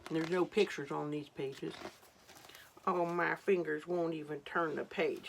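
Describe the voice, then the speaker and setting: A woman reading a picture book aloud to children, with gentle exclamatory asides. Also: low voice, fairly even intonation, a little slow, creaky, husky. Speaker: storytime reader.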